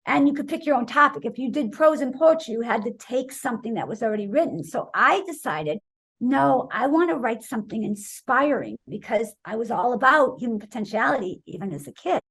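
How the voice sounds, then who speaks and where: A woman in her sixties tells a story as an interview guest, and her voice sits high and swings widely as she acts out the people she quotes. Her tone is a little husky. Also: expressive, fairly quick, a bit bright. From Wisconsin, USA. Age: 60s.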